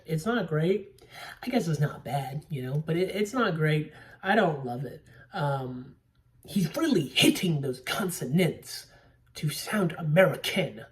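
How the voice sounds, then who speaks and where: A young man casually recapping a movie plot, rambling with lots of fillers and the odd swear word. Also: fairly high pitch. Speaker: movie podcaster. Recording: voice a bit distant from mic.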